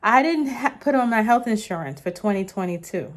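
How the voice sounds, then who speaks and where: A woman's voice: medium pitch, expressive, brisk. A woman in her thirties telling a personal story in a casual, rambling way, full of fillers and restarts, and a little short of breath. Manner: chatty, rambling with many fillers and self-corrections. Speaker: vlogger.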